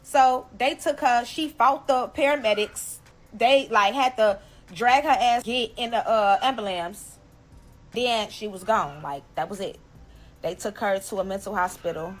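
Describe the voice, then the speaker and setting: Woman, storytime teller, lively and emphatic with blunt cursing, faint music underneath. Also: fairly high pitch, measured pace. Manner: animated, emphatic, swears freely. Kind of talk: casual storytime.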